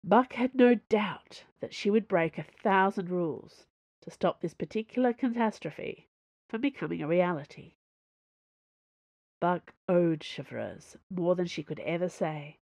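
A woman narrating a romance novel in a measured, expressive reading. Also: lowish voice, no echo. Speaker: audiobook narrator. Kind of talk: scripted narration.

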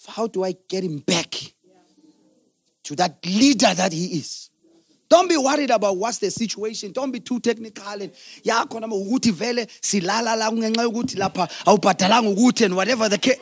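High-voiced pastor preaching. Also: male voice, brisk, no room sound. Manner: swings from shouted, sing-song peaks to low, quiet asides. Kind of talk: sermon.

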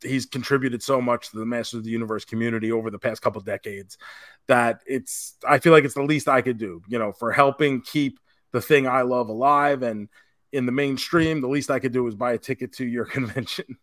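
A man's voice: medium pitch, a little fast, fairly bright tone, no echo, studio quality. A man co-hosting a podcast, telling a convention story in casual chat and swearing now and then. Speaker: podcast co-host.

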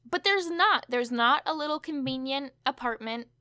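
A woman's voice: sits high, animated, normal speed, bright, forceful tone, no echo, clean studio sound. A woman co-hosting a podcast, recapping a TV episode in casual chat with chatty asides and fillers. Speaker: podcast co-host.

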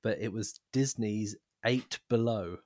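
A British man co-hosting a film podcast, talking in a hesitant, halting way. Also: fairly low pitch, a little mellow, dry recording, clean studio sound. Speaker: podcast co-host. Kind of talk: casual podcast chat.

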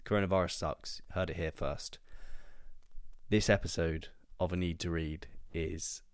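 A man's voice: low voice, steady tone, measured pace, dry recording, clean studio sound. A male podcast host with a congested, nasal voice from a cold, chatting casually and upbeat with his guest.

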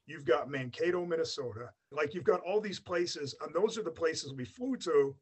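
A guest in his forties tells his story in a casual interview, rambling and chatty with lots of fillers; he grew up in Australia in an American family and has a mixed American-Australian accent. His voice is fairly high with a breathy edge, at a moderate pace.

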